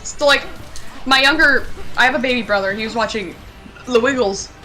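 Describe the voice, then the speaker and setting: A woman's voice: fairly high pitch, normal speed, sharp tone. A young woman from Maine chatting casually and swearing freely while streaming a game. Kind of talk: casual chat while gaming. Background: game music.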